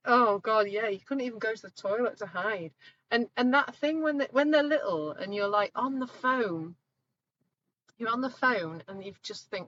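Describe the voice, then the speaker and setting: Chatty woman coach, bright voice. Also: medium pitch, normal speed, dull audio, a little hiss or hum. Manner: chatty, animated storytelling, acts out voices. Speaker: coach hosting a live talk. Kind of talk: live online talk answering viewers.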